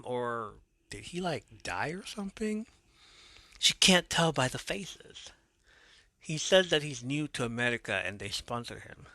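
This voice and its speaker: A podcast host recapping an episode in a loose, chatty way, now and then swearing or tossing questions at his listeners. His voice is very bright and sharp. It sounds dry and close, with no room sound. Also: mid-range voice, dry recording. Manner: chatty, with profane asides and rhetorical questions to listeners.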